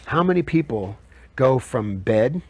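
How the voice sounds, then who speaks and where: An earnest man guest talking in a kava bar, with a middle-pitched voice. He stumbles and repeats words as he works through his thoughts. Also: expressive. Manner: halting, repeats words often while searching for phrasing. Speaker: guest, herbal medicine maker. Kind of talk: casual interview conversation.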